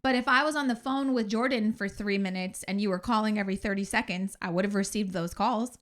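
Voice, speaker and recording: A woman co-hosting a podcast, telling a story in an animated, emphatic way. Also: medium pitch, a little fast. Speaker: podcast co-host. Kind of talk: casual podcast chat.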